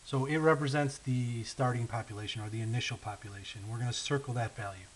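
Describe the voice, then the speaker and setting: A man in the middle of his range explains a math lesson step by step. He talks with patience, checks in often with "okay?" and "right?", and slows down as he writes out each number. A faint hiss sits under the recording. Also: mid-range voice, fairly even intonation, low-quality recording. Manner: thinks aloud while writing, slows down on key numbers. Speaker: math teacher.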